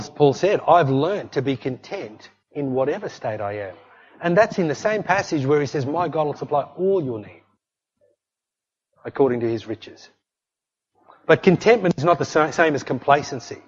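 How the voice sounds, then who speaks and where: A middle-aged male pastor preaches with an emphatic, repetitive delivery, calling out to his congregation. His voice sits a little higher than most men's. It rings with long reverb through a church hall, captured on a dull, lo-fi recording. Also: a little mellow, slightly rough. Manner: emphatic preaching with repeated "hey" and "don't fret". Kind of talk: sermon.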